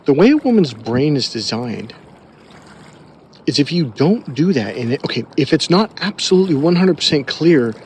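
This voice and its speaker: A man's voice: fairly high pitch, very animated, normal speed, a little mellow, a little hiss or hum. A man talking to camera as a dating coach, blunt and profane, rambling along with fillers as he tells a story and gives advice. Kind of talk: casual advice monologue to camera.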